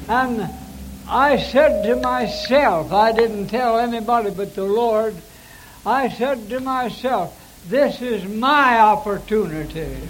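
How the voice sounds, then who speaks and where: An older man, a preacher, recounting his early ministry in a folksy, halting storytelling manner with frequent restarts. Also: extremely high pitch, a little hiss or hum, rough recording. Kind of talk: recounting personal ministry testimony.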